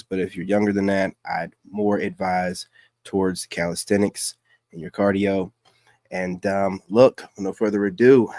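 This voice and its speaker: A man hosts a casual livestream, reacting to clips with slangy, hyped streamer talk. His voice is low-pitched and darkish, recorded at studio quality with no echo.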